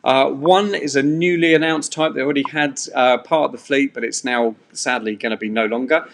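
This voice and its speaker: A man's voice: medium pitch, fairly even intonation, brisk, vocal fry, slight background noise. Chatty man hosting a quiz. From England. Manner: chatty, rambling, loose with fillers. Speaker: quiz host. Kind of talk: live-streamed pub quiz hosting. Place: home bedroom.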